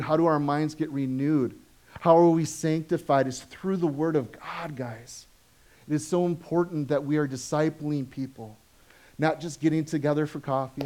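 Preaching at a measured pace, an adult pastor with kids talks with his congregation rather than at them, asking lots of questions. Stories come out animated, while his asides drop soft and low.

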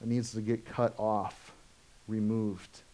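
A man preaching a sermon as pastor, conversational and full of questions to the congregation, swinging from animated stories to soft, low asides. He has children of his own. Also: slow pace. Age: adult, has children.

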